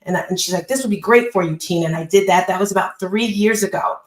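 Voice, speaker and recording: A woman's voice: mid-range voice, quick pace, reverberant, rough recording. A woman hosting a live online call as a business coach, giving an upbeat, emphatic motivational talk and repeating phrases.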